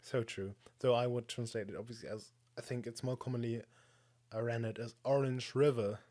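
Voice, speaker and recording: A man talks to his livestream audience in a loose, rambling way. He trips over restarts and fillers. His voice sits at an ordinary middle pitch. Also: steady tone, normal speed, darkish tone. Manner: rambling, self-deprecating, lots of fillers. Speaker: streamer. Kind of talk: casual solo stream chat.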